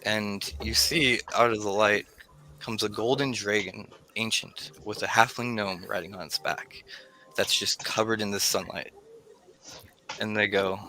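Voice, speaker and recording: A man's voice: on the low side, steady tone, measured pace, bright, forceful tone, a little hiss or hum, poor audio. A man running a tabletop game as game master, narrating scenes and speaking for deities. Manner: describes scenes at length, voices deities in quotes.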